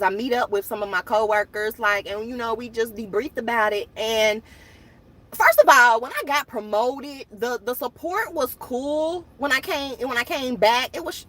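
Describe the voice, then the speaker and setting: A woman's voice: on the high side, expressive, normal speed, a bit bright. A woman hosting her own channel, chatting casually and animatedly to viewers, laughing often. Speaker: channel host.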